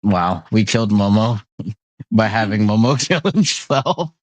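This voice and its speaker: A man's voice: fairly low pitch, animated, a little slow, dry recording. A man narrating a tabletop game as game master, in a playful manner with laughs between lines.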